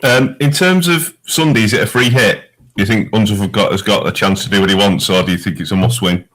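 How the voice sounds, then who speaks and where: A man's voice: on the low side, quick pace, a bit bright. A man co-hosting a football fan phone-in, giving short, friendly prompts to callers. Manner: friendly, brief prompts, says mate. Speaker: co-host.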